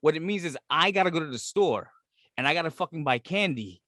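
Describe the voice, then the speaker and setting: A middle-aged man from Brooklyn with a New York accent, co-hosting a podcast in casual, profane, comedic chat, animated and quick to laugh. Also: fairly high pitch, dry recording, studio quality. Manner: animated, swears constantly, laughs often. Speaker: podcast co-host.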